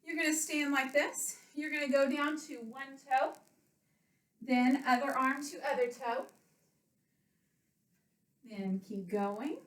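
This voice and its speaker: Her voice sits high, and she moves slowly with long pauses as she guides children through a workout at home. She's an elementary PE coach who counts reps aloud, keeps explanations simple, and is slightly breathless, heard through a webcam across a roomy space.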